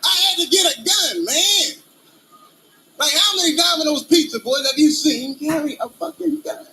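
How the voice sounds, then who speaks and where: A man performing a stand-up comedy routine in role-play, with animated, profane storytelling and frequent laughter. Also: very high voice, moderate pace, noisy background.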